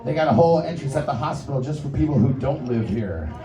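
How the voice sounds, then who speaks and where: A man hosting a comedy night in a bar, working the crowd with loud, hyped banter. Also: mid-range voice, lively intonation, fast. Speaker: comedy show host. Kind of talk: stand-up emcee banter. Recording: roomy live bar, distant mic, crowd.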